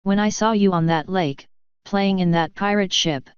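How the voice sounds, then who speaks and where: A woman's voice: medium pitch, normal speed, clear, resonant tone, no room sound, dull audio, lightly acted. A woman voicing an earnest young male pony who is smitten and eager.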